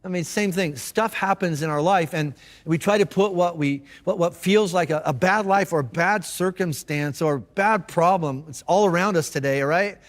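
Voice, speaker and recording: A man's voice: sits high, normal speed, few pauses, long reverb tail. A man preaching a sermon as a pastor, talking casually and conversationally with slang and restarts.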